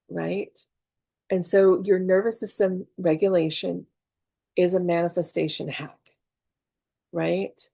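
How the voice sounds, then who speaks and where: A woman's voice: on the low side, creaky, a little mellow, no echo. A middle-aged woman teaching a spiritual class in a chatty, confessional way, swearing freely and acting out her own panics. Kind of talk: casual online class talk.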